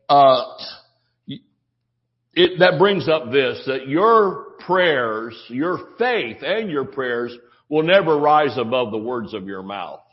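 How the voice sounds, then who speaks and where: A man preaching a sermon as pastor, folksy and joking, acting out the quotes of the people he talks about. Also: a little high. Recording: dull lo-fi sermon audio.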